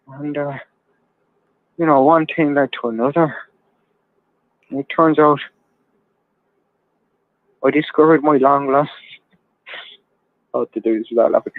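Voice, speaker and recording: A man's voice: on the high side, no echo. A man hosting a casual call-in livestream, joking and telling rambling bawdy stories. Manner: jokey, tells rambling bawdy anecdotes with laughs. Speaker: livestream host. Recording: tinny phone-like sound.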